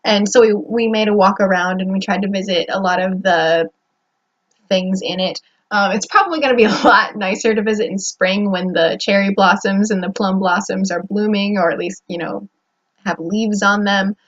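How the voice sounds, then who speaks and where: A woman's voice: medium pitch, fairly even intonation, normal speed. A young American woman talking casually to the camera about her days, rambling with fillers and restarts. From United States. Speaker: vlogger. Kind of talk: casual vlog talk to camera. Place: indoor room at home. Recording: slightly dull lo-fi audio.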